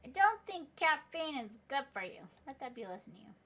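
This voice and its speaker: Casting: woman playing a prim little dog professor, apologetic and formal, game read-through, a touch higher than her own voice. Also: very animated, a little fast, fairly bright tone, heavily acted. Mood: fussy. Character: dog professor, male, small, fussy and polite. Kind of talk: reading a game aloud in voices.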